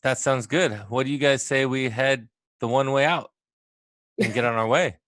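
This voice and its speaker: A man's voice: mid-range voice, steady tone, normal speed, a bit bright, no echo, studio quality. A man playing a tabletop game, easygoing and laughing often. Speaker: player. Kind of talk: casual tabletop chat.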